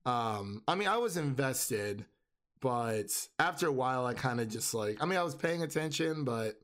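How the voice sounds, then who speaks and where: A man's voice: mid-range voice, lively intonation, moderate pace, a bit bright. A man co-hosting a casual movie review podcast, laughing often and restarting his sentences. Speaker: podcast co-host.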